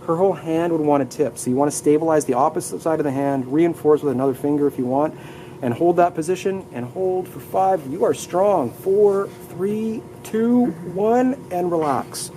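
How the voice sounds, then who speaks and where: An upbeat male anatomy instructor lecturing to a live class, leading students through the terms and getting them to say each one aloud. His voice sits a little high yet sounds mellow and relaxed. Faint classroom noise hums behind him. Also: a little fast, rough recording.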